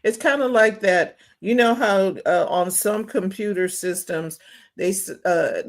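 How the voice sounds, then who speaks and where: A woman co-hosting a livestream in a relaxed, chatty way. Her voice sits at an ordinary middle pitch and she adds easy asides to the talk. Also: measured pace. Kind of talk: casual livestream chat.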